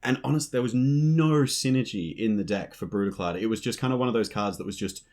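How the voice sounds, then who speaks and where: A man co-hosting a podcast, talking in chatty, animated bursts with a laugh now and then. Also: lowish voice, quick pace. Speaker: podcast co-host. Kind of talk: casual chat.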